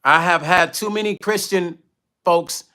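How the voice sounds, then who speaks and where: Blunt, bright-voiced man on a livestream. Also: high-pitched, measured pace. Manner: blunt, animated storytelling, reads viewer comments aloud. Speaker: livestream host and musician. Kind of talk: candid livestream chat.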